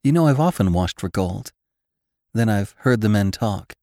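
A man's voice: on the low side, animated, moderate pace, dark tone, dry recording, clean studio sound. A man voicing a shy, devoted young frontier woman who speaks earnestly and hesitantly. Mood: eager.

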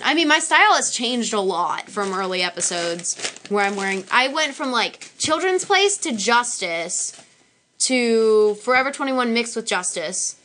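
A woman's voice: medium pitch, sharp tone. A young woman hosting her own channel, chatting and giggling as she shows old props and outfits. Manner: chatty, giggly, quick asides. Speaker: channel host. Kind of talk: casual show-and-tell of old props.

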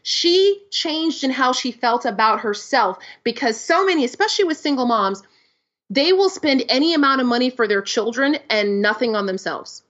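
A woman life coach, a guest on an interview podcast, telling client stories in an animated way. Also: high-pitched, normal speed, lo-fi sound. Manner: animated storytelling, acts out client quotes.

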